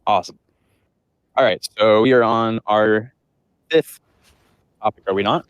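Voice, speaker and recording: Low-voiced man on a voice chat. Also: steady tone, measured pace, smooth, no room sound, lo-fi sound. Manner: casual and upbeat, sorting out his audio setup. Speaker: community manager. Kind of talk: live community Q&A on a voice chat. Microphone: computer mic over online voice chat.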